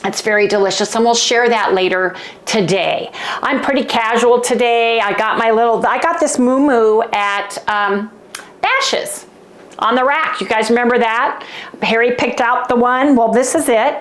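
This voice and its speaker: A woman's voice: a little high, fairly bright tone. A woman from Southern California with a Southern Californian accent, chatting casually and rambling in her home kitchen for her vlog. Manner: chatty and rambling, quick to apologize. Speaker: channel host.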